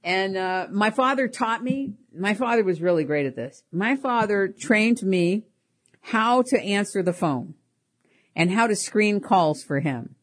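A middle-aged woman hosting a show, telling personal stories in an animated way, often laughing and repeating her words. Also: medium pitch, unhurried. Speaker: podcast host. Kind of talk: personal storytelling.

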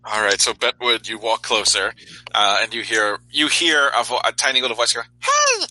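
A man narrating a tabletop game as game master, halting and repeating words as he goes. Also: medium pitch, steady tone, sharp tone, dry recording, rough recording.

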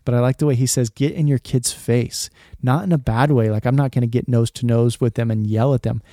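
The man's medium-pitched, steady, dark voice moves at a quick pace on a dry, studio-quality recording. In his thirties, he hosts a casual faith podcast, speaking earnestly and conversationally, often saying "like" and restarting sentences.

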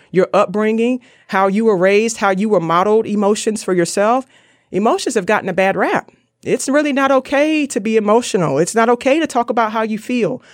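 A man's voice: sits high, dry recording, clean studio sound. A man giving a casual, earnest talk on mental wellness, retelling stories with quoted lines. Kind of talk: casual motivational talk to viewers.

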